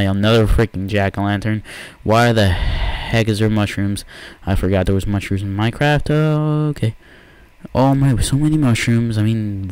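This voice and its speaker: A man narrating a let's play in a low, unhurried voice, breaking into yelps and exclamations at the game. The sound is dry and close, with no room echo. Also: a little mellow, clean tone. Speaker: let's player.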